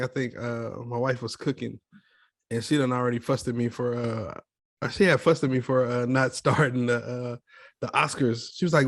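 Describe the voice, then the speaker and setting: A young adult man co-hosting a casual podcast chat, telling a story with animated quoted voices. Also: medium pitch, normal speed, no echo, studio quality. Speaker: podcast co-host.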